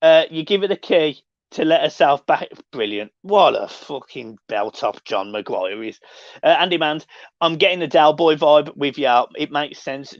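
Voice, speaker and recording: A man hosting a casual live stream, reading and answering chat with sweary, excitable banter. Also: fairly high pitch, moderate pace, no echo. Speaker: livestream host reading chat. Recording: dull lo-fi dry sound.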